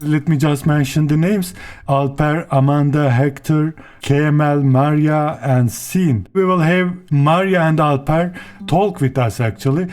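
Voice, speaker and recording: A man co-hosting a casual podcast over online voice chat, chatty and quick to laugh, with hesitant phrasing. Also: on the high side, darkish tone. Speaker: podcast co-host.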